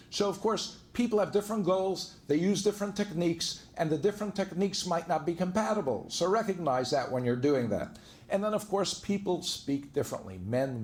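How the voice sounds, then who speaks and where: Man lecturing in a conversational, anecdotal way. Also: a little high. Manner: conversational, anecdote-driven, acts out quoted dialogue. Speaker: divorce lawyer giving a seminar talk. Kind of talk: lecture to a live audience.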